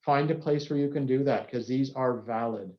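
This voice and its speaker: Joining a panel by video call, a male psychiatrist talks at normal speed in an ordinary-pitched voice. He's earnest and candid, dropping the odd self-deprecating aside, and the sound is muffled, dull and lo-fi.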